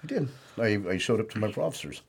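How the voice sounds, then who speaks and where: Deep husky man telling his story. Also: big pitch swings, fast. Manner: plainspoken, rambling, with many "you know"s. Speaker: interview guest. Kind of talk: candid life-story interview.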